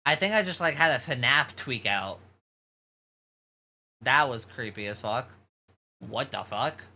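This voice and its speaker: A man with a soft, feminine-sounding voice and a New York accent, telling rambling, profane stories to his livestream chat. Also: medium pitch, lively intonation, slow pace. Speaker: VTuber streamer.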